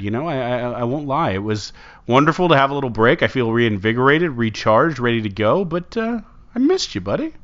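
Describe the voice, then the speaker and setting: A man's voice: medium pitch, a bit bright, highs cut off. A man co-hosting a casual sports podcast, jokey and rambling. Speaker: podcast co-host.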